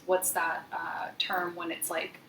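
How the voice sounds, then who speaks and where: A woman's voice: lowish voice, monotone, slow pace, pushed and bright, in a whisper. A woman in a casual chat, speaking thoughtfully and searching for words. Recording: echoey room with faint noise.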